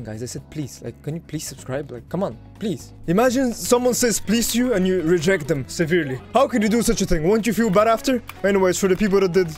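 A man with a fairly high, very lively voice commentates his own gameplay. He jumps between loud excited outbursts and quiet muttering, talking straight to his viewers. Faint music plays behind him. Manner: excitable, swings from loud hype to low muttering; talks to viewers as "guys". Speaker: gaming video creator.

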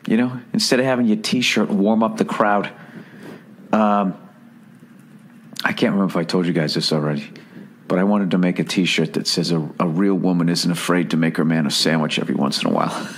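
A man hosting a podcast, ranting in a casual comedic way, profane and quick to mimic voices. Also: deep voice, husky. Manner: profane, animated, mimics voices mid-story. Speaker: podcast host.

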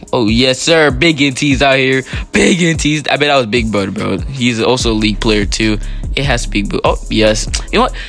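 A gaming channel host with a mid-range voice gives excitable, slangy live commentary as he plays an online football game. He keeps pleading with his teammates.

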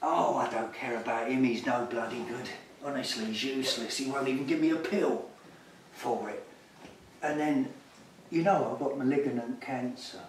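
A man's voice: medium pitch, steady tone, moderate pace. An older man, talking as a patient in a rambling way that trails off into hesitations. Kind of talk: candid conversation. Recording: echoey room, mic far off, faint hiss.

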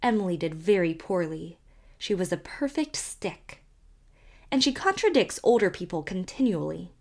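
A woman's voice: on the low side, very animated, normal speed, a little mellow. A woman reading as a prim gossiping village matron. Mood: disapproving. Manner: tolerant, mock-pleasant disapproval.

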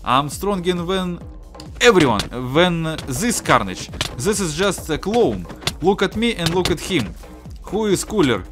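A man with a Russian accent giving excitable, profane gameplay commentary. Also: high voice, measured pace. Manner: excitable, profane trash talk. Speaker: gaming YouTuber. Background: game music.

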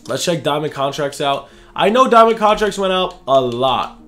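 A man's voice: a little high, very animated, normal speed, bright, forceful tone, faint music behind. Casual young man talking over gameplay. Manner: casual, slangy, thinking aloud. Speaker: gaming YouTuber.

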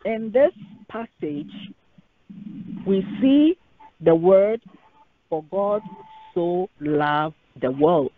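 A woman's voice: lowish voice, expressive, very slow, pauses often, no room sound. A woman preaching a sermon to a conference call, stressing and repeating key phrases. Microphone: phone on a conference line. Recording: tinny phone line.

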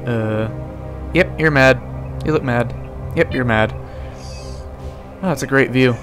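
A man's voice: medium pitch, slow, fairly bright tone, soft background music. A young man casually commenting while he plays a video game, rambling and joking, talking back to the characters on screen. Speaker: let's play host.

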